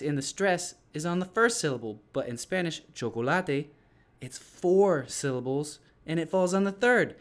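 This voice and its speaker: A man who teaches English, casually explaining his classroom activities to other teachers in a loose, rambling way with frequent restarts. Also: fairly high pitch.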